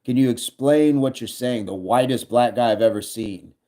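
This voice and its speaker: A man chatting on his fitness livestream, reading viewer comments out loud and answering them. He keeps it playful and jokey, with an easy middle-pitched voice that bounces along between laughs. It sounds like a casual home stream on a webcam mic. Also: normal speed. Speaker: livestream host.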